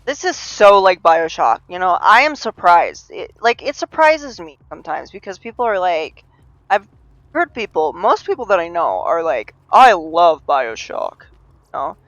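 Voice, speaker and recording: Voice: mid-range voice, very animated, normal speed, a bit bright, no room sound, muffled recording. A game streamer giving casual, rambling live commentary with lots of fillers and restarts. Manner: rambling, chatty, many fillers and restarts, laughs at own jokes.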